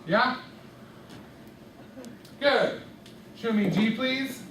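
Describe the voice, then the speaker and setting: A man's voice: extremely high pitch, very slow, fairly bright tone. A man teaching a music class, patiently quizzing his students by name. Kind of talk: classroom instruction. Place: echoey classroom. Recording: distant echoey classroom with background noise.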